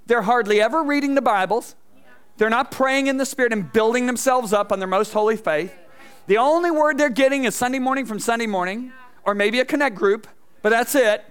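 A middle-aged man preaching an energetic sermon to a congregation, telling stories with acted-out voices and swinging between loud and soft. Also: very high-pitched, clean tone. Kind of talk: energetic sermon with stage demonstration. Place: church stage before a congregation.

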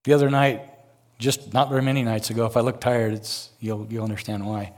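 A man's voice: lowish voice, little pitch movement, a little fast, a little mellow. An older man preaching a sermon as a guest speaker, earnest, with folksy personal asides and rising emphasis.

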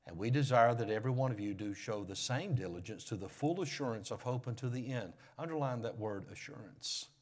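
A man preaching from the pulpit, his pitch sitting in an ordinary middle range. He moves between loud, pressing emphasis and soft, almost whispered passages. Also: fairly quick, few pauses. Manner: preaching with swings from loud raised emphasis to hushed near-whispers. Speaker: pastor. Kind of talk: sermon.

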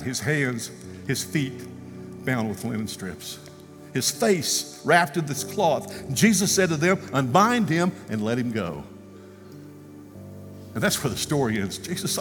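Male preacher, storytelling sermon, animated, acts out quotes, church hall echo, faint music. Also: medium pitch, normal speed. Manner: animated storyteller, acting out quotes, ending in prayer. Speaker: guest speaker. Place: church sanctuary. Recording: long reverb, music faintly behind.

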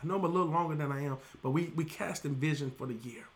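Speaking fast, a middle-aged pastor whose voice is high for a man delivers a lively, loose sermon. He keeps tossing call-and-response questions to the congregation.

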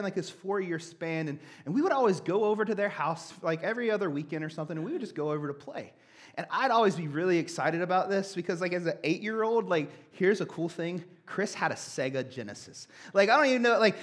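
A young man preaching a sermon, telling a childhood story with animated, conversational energy. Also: sits high. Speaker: pastor.

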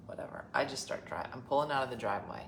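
A middle-aged woman with a low, dry delivery tells a family story in casual chat, acting out each side of the argument. Her voice sits well down in pitch. The room adds a clear echo, with a faint hum of ambience behind her. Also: very fast. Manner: wry, deadpan storyteller who acts out quoted family arguments. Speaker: podcast host.

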